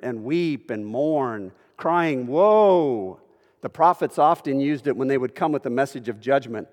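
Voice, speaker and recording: A male pastor preaching verse by verse in a large sanctuary, his voice trailing off into a long hall reverb. He swells loud and forceful on the scripture he quotes, then eases into chatty, offhand remarks to the congregation. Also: medium pitch. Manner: emphatic, rising loud on Bible quotes, with conversational asides. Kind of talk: expository sermon on Revelation.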